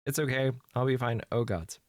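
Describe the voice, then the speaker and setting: A man's voice: mid-range voice, a little fast, no room sound. A man with congested sinuses commenting on a horror game, joking in a dry, sardonic way. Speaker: let's play host.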